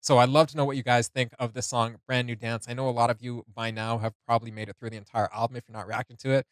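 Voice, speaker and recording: A man hosts a music reaction video in a relaxed, chatty way. He laughs often and reads notes aloud with plenty of fillers. His mid-range voice sounds dry and close. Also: mid-range voice, fast talker, clear, resonant tone, no echo. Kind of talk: casual reaction commentary.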